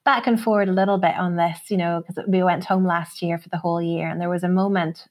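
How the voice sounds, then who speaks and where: A woman in her forties from Belfast with a Northern Irish accent, a singer-songwriter talking in a casual podcast interview, reflective and quick to laugh. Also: lowish voice, fairly even intonation. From Northern Ireland. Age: 40s. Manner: warm, reflective, laughs often.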